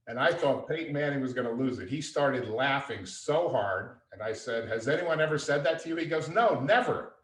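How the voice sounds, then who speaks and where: A man telling stories as a guest in a podcast interview, lively and anecdotal. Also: medium pitch. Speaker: guest, father and entrepreneur. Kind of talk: conversational storytelling. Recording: echoey room, distant mic.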